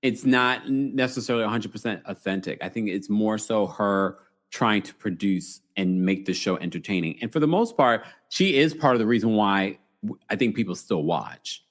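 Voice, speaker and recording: A man hosting a casual live recap show who reads out viewer comments, laughs often and reacts with animated surprise. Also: fairly low pitch, moderate pace. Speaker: podcast host reading live chat. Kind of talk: casual reality-TV recap chat.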